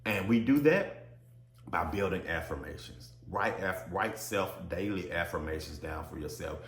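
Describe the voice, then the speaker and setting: Deep-voiced man preaching self-help, echoey room. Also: lively intonation, measured pace, slight background noise. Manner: preachy, repeatedly addresses listeners as y'all, builds to emphatic peaks. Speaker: podcast host. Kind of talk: motivational self-help talk.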